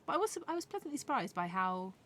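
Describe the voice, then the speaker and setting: A woman's voice: mid-range voice, sing-song, fast, fairly bright tone, slight background noise. A woman, a forest school leader, talking candidly and chattily on a podcast with lots of fillers. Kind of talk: casual podcast chat.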